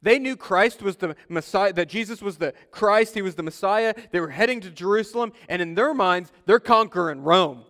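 A man's voice: high voice, moderate pace, hardly any pauses, a bit bright. Man preaching in a reverberant hall. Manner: conversational storytelling, acts out quoted voices. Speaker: pastor. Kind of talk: sermon.

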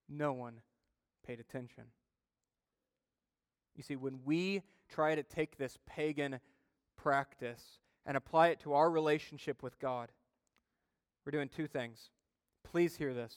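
A man's voice: a little high, measured pace, long pauses, no echo, studio quality, in a large hall. A male pastor preaching a sermon, emphatic and building intensity as he retells stories.

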